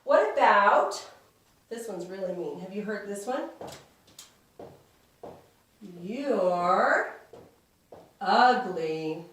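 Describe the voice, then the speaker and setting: A woman leading a children's church lesson, speaking gently and simply and asking the kids questions. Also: medium pitch, lively intonation, a little slow, heavy reverb, distant mic. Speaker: children's Sabbath school teacher.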